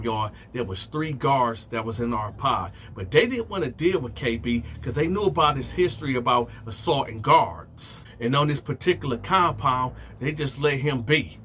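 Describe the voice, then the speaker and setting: A man telling a story in a casual vlog, animated and slangy, talking straight to his viewers. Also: medium pitch.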